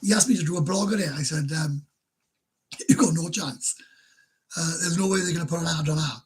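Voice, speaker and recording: A Welsh man chats casually through viewer comments on his live stream. His voice sits a little high and sounds husky, and he rambles bluntly, often laughing at himself. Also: a little fast, low-quality recording. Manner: blunt, rambling, self-mocking.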